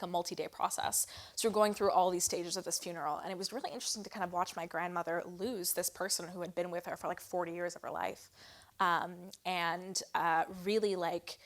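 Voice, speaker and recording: A young woman reading her poems aloud, with soft hushed line endings and chatty introductions full of fillers. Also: on the low side. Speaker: poet reading her work. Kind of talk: poetry reading with spoken introductions.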